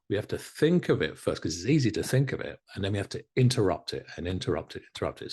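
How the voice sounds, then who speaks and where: A man teaching a live online hypnotherapy class, animated and encouraging, often laughing as he talks to students. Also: lowish voice, quick pace, breathy edge. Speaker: hypnotherapy instructor.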